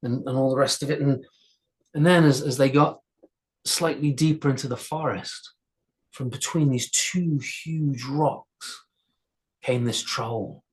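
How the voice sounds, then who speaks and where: A man's voice: mid-range voice, unhurried. A male storyteller telling a folktale aloud, unscripted, with restarts and repeated words.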